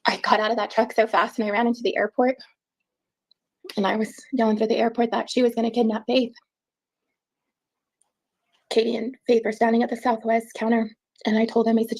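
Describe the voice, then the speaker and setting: A woman giving an emotional personal account in an interview, halting and repeating words as she speaks. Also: fairly high pitch, level tone, creaky, rough recording.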